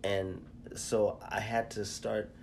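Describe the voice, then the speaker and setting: A man co-hosting a podcast, telling a personal story in a casual, halting way. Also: on the low side, level tone, vocal fry, a little mellow, slight background noise. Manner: storytelling, halting with fillers and restarts. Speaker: podcast co-host. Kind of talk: casual chat.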